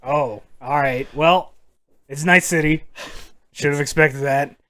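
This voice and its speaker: A man's voice: a little high, slow, fairly bright tone. A man running a tabletop role-playing game as game master, in a casual, joking way that includes swearing. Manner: casual, swearing, laughing often.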